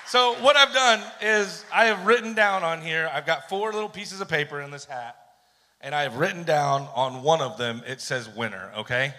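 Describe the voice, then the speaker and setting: A man's voice: on the high side, normal speed, bright, forceful tone. A man hosting a live joke contest on stage, telling jokes and chuckling at his own punchlines. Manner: chuckling, playful storyteller. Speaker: event host running a joke contest. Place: theater stage, live event. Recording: long theater hall reverb.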